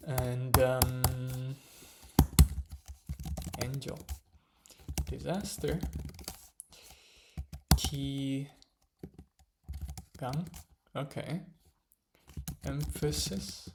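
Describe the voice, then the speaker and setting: A man studying at his computer, muttering words to himself in a casual commentary, mostly soft with sudden excited bursts. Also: mid-range voice, extremely slow, long pauses, heavy background noise. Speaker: language learner vlogger. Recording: loud keyboard typing behind.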